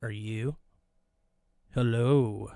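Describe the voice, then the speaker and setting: A man with a gravelly edge to his voice hosts a live podcast, rambling through a screen demo. He mutters asides and pokes fun at himself as he goes. The mic sounds dry and close. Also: medium pitch, fairly even intonation, very slow, mellow, no room sound. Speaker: podcast host. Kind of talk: casual live-stream demo. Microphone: desk microphone.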